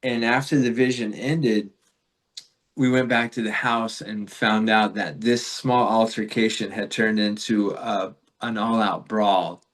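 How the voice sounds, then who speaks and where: A man from Florida, a podcast guest, telling a rambling spiritual story in a reflective, casual way with fillers and soft laughs. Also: lowish voice, fairly even intonation, measured pace.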